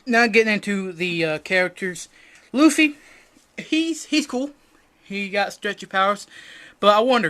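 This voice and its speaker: A young man co-hosting a podcast, ranting crudely and jokingly, swinging from loud bursts to mumbled asides. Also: high-pitched, lively intonation, unhurried, pauses often. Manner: loud, jokey and profane, drops to mumbling asides. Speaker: podcast co-host. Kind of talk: casual crude rant.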